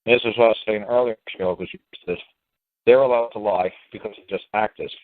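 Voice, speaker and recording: A man's voice: fairly low pitch, fast talker, no echo. A man with a New York accent talking in a blunt, profane, rambling way on a radio call-in show. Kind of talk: casual radio call-in talk. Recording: dry phone-line audio.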